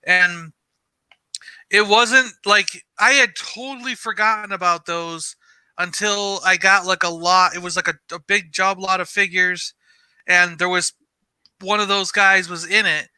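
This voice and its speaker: A man's voice: high voice, fairly even intonation, a little slow, sharp tone, clean tone, no room sound, rough recording. A man hosting a toy podcast, telling rambling stories in casual chat. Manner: rambling, filler-heavy storytelling. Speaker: podcast host, toy collector.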